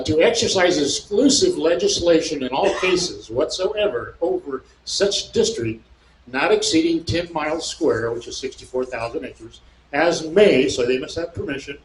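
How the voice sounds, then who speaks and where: A man with a slightly high voice reads passages aloud and then argues over them, getting indignant and mocking as he goes. He sounds like he's in a roomy, echoing space with faint noise in the background. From California. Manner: fired-up and indignant, rising to shouts; mocking asides. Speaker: speaker at a local meeting. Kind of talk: talk to an audience, reading aloud and explaining.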